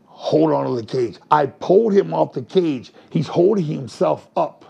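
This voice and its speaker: A man with a raspy voice, speaking bluntly and with irritation as an interview guest. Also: a little high, expressive, normal speed, mellow, lo-fi sound. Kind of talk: interview played as a clip.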